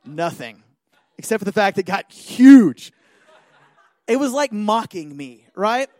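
A man giving an animated talk, telling a personal story and often checking in with listeners. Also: sits high, takes it slowly, dry recording. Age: adult.

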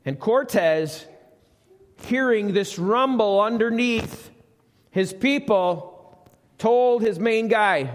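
A middle-aged man with a high voice preaches a conversational sermon in a church sanctuary, asking the congregation questions. He speaks slowly, leaving long pauses. This live church recording carries long reverb.

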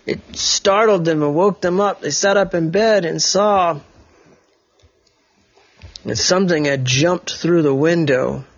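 A man's voice: on the high side, takes it slowly, pauses often, muffled recording. A father improvising a bedtime story, rambling and correcting himself as he goes.

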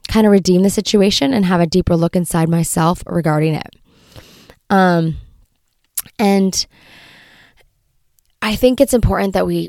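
Earnest gravelly-voiced mother, low and dry. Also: darkish tone, dry recording. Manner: earnest, halting, repeats words while searching for phrasing. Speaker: mother sharing faith reflections. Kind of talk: personal faith reflection with scripture reading.

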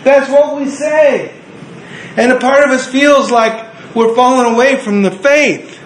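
A man's voice: very high-pitched, a little slow, a little hiss or hum. A man preaching a sermon in an earnest, conversational way, stretching out words for emphasis. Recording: echoey room.

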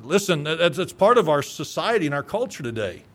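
A man's voice: a little high, big pitch swings, a little fast. A male pastor preaching a sermon in an earnest, conversational way that climbs into emphatic peaks.

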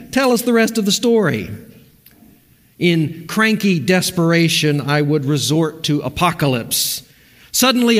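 A man preaching a sermon as pastor, reading scripture with measured, expressive emphasis. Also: on the high side, in a large hall. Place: church sanctuary.

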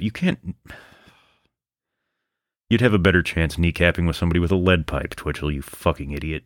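A man's voice: low voice, steady tone, brisk, no room sound, studio quality. A man hosting a true-crime podcast, narrating the case and breaking off into sarcastic, profane asides. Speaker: podcast host. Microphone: microphone on a stand.

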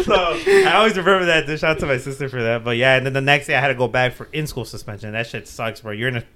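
A man's voice: mid-range voice, big pitch swings, quick pace, hardly any pauses, fairly bright tone. A young man on a podcast, casually telling a story, swearing freely, laughing often and acting out what people said. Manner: loose, profane, laughs often, acts out quotes. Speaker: podcast co-host.

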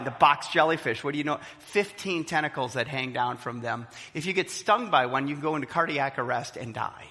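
A man preaching a sermon as pastor, lively, sometimes acting out the voices of people in his stories. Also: on the high side, normal speed. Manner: animated preaching, acts out quoted voices. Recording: long hall reverb.

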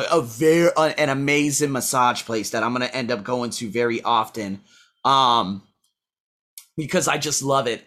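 Bright-voiced man, rambling self-review. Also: mid-range voice. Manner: rambling, blunt, swears freely, scores himself aloud. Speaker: teacher. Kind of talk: casual weekly self-review monologue.

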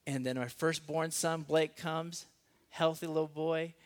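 A young man from Los Angeles preaching a conversational sermon, slowing to a hushed voice on key phrases and joking at his own expense. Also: fairly high pitch, fairly even intonation. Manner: conversational and self-deprecating. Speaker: guest preacher.

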